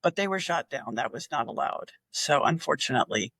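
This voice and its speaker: A podcast guest presenting a history segment, telling stories in an animated way and chuckling often. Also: mid-range voice, brisk, gravelly, husky, no room sound. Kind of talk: casual storytelling chat.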